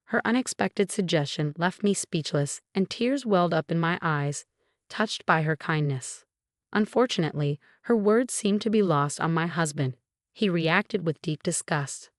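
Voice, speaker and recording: A woman narrating a dramatic family story in a scripted, measured reading voice. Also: on the low side, animated, no echo, studio quality.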